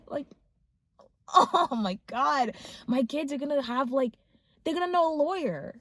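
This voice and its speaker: Excited young woman vlogging on her phone. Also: fairly high pitch, measured pace, no room sound. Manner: excited, rambling, full of fillers. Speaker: law student vlogger. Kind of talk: casual vlog chat. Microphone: phone front camera.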